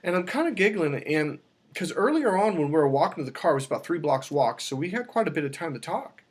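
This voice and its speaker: Animated man telling a story to camera. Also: a little high, fast. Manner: animated storytelling, acts out quoted dialogue; restarts and self-corrections. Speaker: dating coach. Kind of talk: casual monologue to camera.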